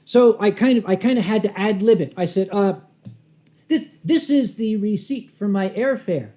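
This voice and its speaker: A man telling a humorous story live, dry and wry, with dramatic pauses, acting out his own rehearsed lines and clearing his throat often. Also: high-pitched, warm tone. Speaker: convention storyteller.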